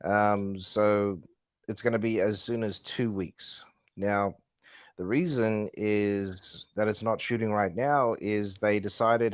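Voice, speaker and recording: A man with an Australian accent co-hosting a casual movie news podcast, relaxed and swearing casually. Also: on the low side, slow, no room sound. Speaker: podcast co-host. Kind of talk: casual chat.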